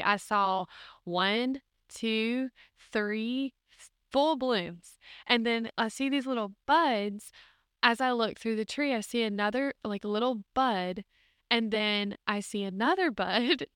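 A woman's voice: a little high, a bit bright, clean tone, dry recording, studio quality. A woman hosting a podcast, telling a personal faith story in an earnest, emotional, conversational way, often saying "like". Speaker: podcast host.

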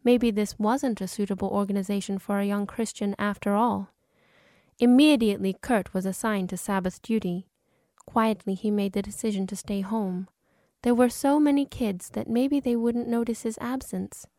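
A woman giving dramatic, measured scripted narration of an audiobook. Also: mid-range voice, fairly even intonation, dark tone, no room sound, studio quality. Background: cinematic music score.

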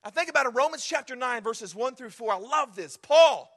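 A man's voice: very high voice, animated, a little fast, a bit bright, husky. A man preaching a sermon, conversational and humorous with earnest, impassioned stretches. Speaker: pastor.

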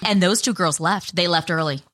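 A woman's voice: fairly low pitch, fairly quick, fairly bright tone, no room sound, clean studio sound. A woman co-hosting a podcast, telling a story in casual chat and swearing freely. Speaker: podcast co-host.

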